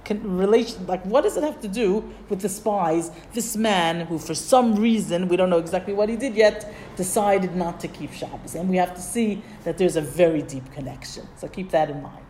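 A woman's voice: on the low side, normal speed, hardly any pauses, warm tone, slight background noise. A woman teaching a Torah study class, reading Hebrew and Aramaic phrases and translating them, with a lilt and patient questions to her students.

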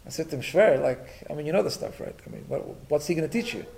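A man's voice: a little high, animated, fast, creaky, a little mellow, a little hiss or hum. A middle-aged man teaching a Torah class in a conversational style, telling stories and dropping Yiddish and Hebrew terms, often checking in with "right?".

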